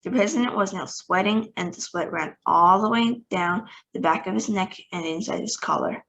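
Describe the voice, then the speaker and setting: A woman's voice: mid-range voice, normal speed, vocal fry, a little hiss or hum. A woman reading a children's book aloud, voicing each character's lines. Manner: animated, shouts out characters' lines.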